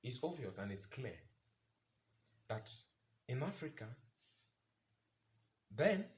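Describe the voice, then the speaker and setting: A man's voice: medium pitch, very animated, takes it slowly. A man giving an impassioned commentary monologue, asking rhetorical questions and repeating phrases for emphasis. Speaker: vlogger.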